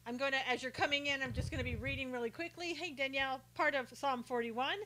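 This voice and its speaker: A woman's voice: high voice, steady tone, fast, pushed and bright. A woman hosting a casual live stream who greets viewers by name, reads their comments aloud and talks indignantly about rude reporters.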